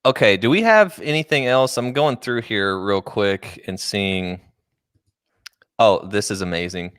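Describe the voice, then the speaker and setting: Podcast co-host, man; lower voice, easygoing and dry. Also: measured pace, fairly bright tone, clean tone, no room sound. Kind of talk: casual chat.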